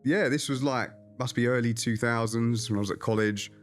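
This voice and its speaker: A man who is a magician, telling anecdotes in a casual interview, animated and chatty. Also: medium pitch, brisk, faint music behind. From England. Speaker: magician guest.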